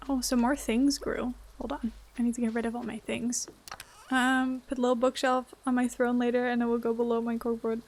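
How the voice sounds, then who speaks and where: Giggly high-voiced woman streamer. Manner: giggly, chatty, answering chat. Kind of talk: casual gameplay chat.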